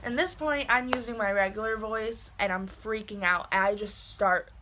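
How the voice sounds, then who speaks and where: A young woman telling a personal story in a casual, animated way, with lots of "like" fillers. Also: mid-range voice, moderate pace, background noise. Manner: animated, filler-heavy with frequent "like".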